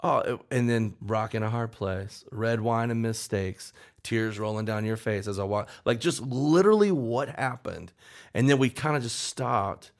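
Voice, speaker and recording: A man with a fairly low voice tells a long story about writing a song, in a loose, rambling way. He jumps up into a higher voice whenever he acts out what someone else said. His talk is animated and full of restarts. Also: moderate pace. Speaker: songwriter. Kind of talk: storytelling in a podcast interview.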